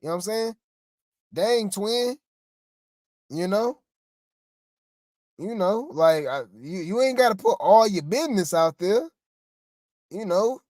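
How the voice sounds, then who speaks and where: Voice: mid-range voice, expressive, slow, long pauses, a little mellow, dry recording, clean studio sound. A co-host giving casual gossip commentary, rambling and exasperated, often talking straight to the listeners.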